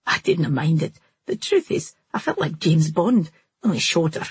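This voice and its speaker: A woman's voice: low voice, very animated, normal speed, husky, dry recording, heavily acted. A woman reading the part of a wry, self-mocking young man, who teases in a mock-pompous way. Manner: mock-pompous, dry teasing.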